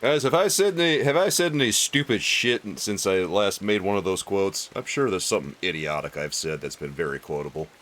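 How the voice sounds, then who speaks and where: Low-voiced joking gaming streamer. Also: male voice, lively intonation, brisk, hardly any pauses, fairly bright tone. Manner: joking, crude, chatty with viewers. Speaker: let's play streamer. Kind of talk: casual gaming commentary.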